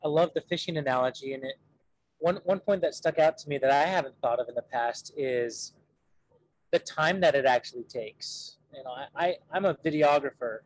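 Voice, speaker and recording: A man's voice: mid-range voice, moderate pace, low-quality recording. A man who works as a videographer, speaking enthusiastically in a casual chat.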